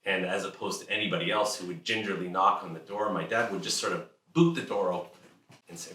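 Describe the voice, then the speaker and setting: A deep, middle-aged man tells a candid story about his family. His tone is bright and forceful, and he pauses often. He is recorded a little away from the mic in an echoey room. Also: distant mic. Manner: earnest, candid, acts out family voices. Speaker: host telling a personal story. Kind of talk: personal storytelling talk.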